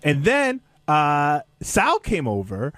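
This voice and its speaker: Slightly high, lively male radio staffer, dry close mic, chatty recounting. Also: slow, dry recording. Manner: chatty, recounts events with quoted dialogue. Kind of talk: casual studio chat. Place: radio studio.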